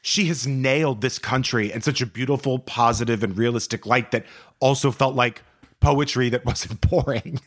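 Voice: medium pitch, normal speed. A co-host in a casual chat, gushing and enthusiastic.

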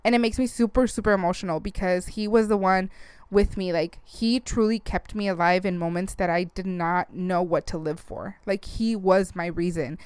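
Woman, thirties, podcast host, chatty, teary, smooth clear voice, dry close sound. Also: on the low side, fairly even intonation, normal speed, darkish tone, no echo. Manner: emotional, chatty, mixes in Spanish phrases. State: close to tears. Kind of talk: casual chat.

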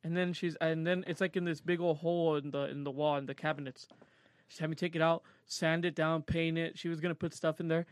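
A young man co-hosting a podcast in casual chat, joking and telling animated stories. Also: fairly high pitch, a little fast, clear, resonant tone, no room sound. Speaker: podcast co-host.

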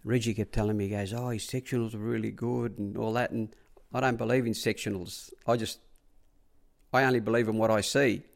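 Brisk and gravelly, with a lowish, steady voice, a middle-aged Australian man who used to ride track tells rambling anecdotes in an informal interview. He plays out others' dialogue and repeats "I said" again and again.

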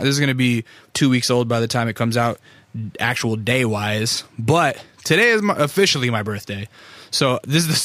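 A man's voice: a bit bright, no room sound. Rambling, foul-mouthed podcast host in his thirties. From Alaska, USA. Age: 30s. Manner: profane, rambling storyteller; acts out quoted voices, jumping up high. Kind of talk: casual podcast monologue. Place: recording studio.

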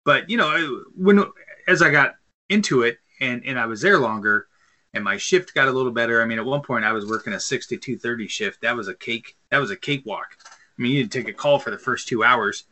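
A man's voice: mid-range voice, a little fast, bright, forceful tone. A man in his thirties co-hosting a casual podcast chat, telling long rambling stories with lots of fillers and restarts. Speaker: podcast co-host. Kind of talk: casual chat over beer.

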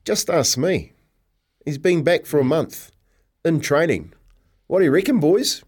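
Jokey New Zealand radio co-host. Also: male voice, on the high side, darkish tone. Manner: teasing, jokey, quick laugh. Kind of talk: casual radio banter.

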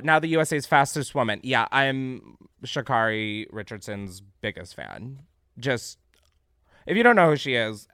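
A young man with a smooth, mid-range voice hosts a podcast, riffing on news stories in casual, sarcastic comedic chat. He's animated, swears freely, and breaks into laughter. The clean studio recording has no echo.

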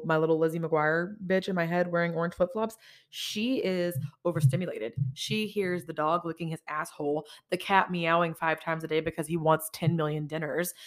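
A woman hosting a podcast in casual confessional chat, rambling and candid with lots of swearing and self-mocking asides. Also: lowish voice. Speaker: podcast host.

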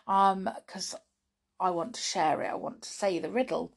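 A woman's voice: lowish voice, fairly even intonation, normal speed, gravelly. A British woman hosting a children's podcast, chatting playfully to young listeners about riddles and fun facts, often laughing.

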